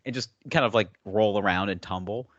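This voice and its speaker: A young podcast co-host with a lowish voice talks a little fast in casual chat, rambling through stories and acting out what people said. The recording is dry and lo-fi.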